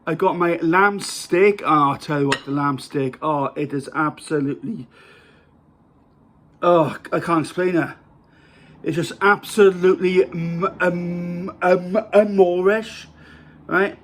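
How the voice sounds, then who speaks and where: A man's voice: high voice, slow pace, slight background noise. Rambling Welsh man vlogging his dinner. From Wales. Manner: rambling, hesitant, self-mocking. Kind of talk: casual to-camera food vlog.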